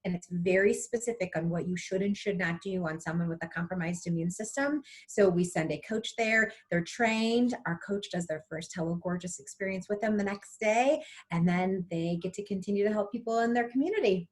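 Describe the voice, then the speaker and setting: A woman's voice: medium pitch, fairly quick, few pauses. A woman guest on a podcast explaining a program in a matter-of-fact way.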